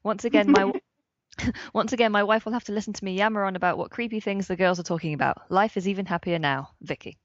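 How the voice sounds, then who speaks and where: A woman's voice: medium pitch, quick pace, no echo. A woman co-hosts a podcast, chatting and reading listener mail with frequent laughs. The sound is very dry, with no room around it. The audio is also dull and lo-fi. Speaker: podcast co-host.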